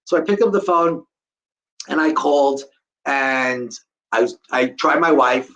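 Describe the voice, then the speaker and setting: A middle-aged man recounts a survivor's story before a live audience in a slightly high voice. He tells it with lively energy and drops into the voices of the people he describes. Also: unhurried, poor audio. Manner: animated, acts out the voices of people in his story. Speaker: guest speaker telling a survivor story.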